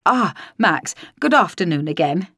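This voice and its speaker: A woman's voice: on the low side, animated, measured pace, a bit bright, slightly rough, no room sound, clean studio sound, exaggerated voice. A woman voicing an unflappable male director. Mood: calm formal. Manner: clipped, understated and polite.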